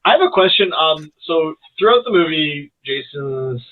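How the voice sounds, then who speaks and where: A man's voice: a little high, expressive, normal speed. A man guest on a film podcast, jokey and sarcastic, swearing casually. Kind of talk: casual film discussion chat. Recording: tinny phone-like remote line.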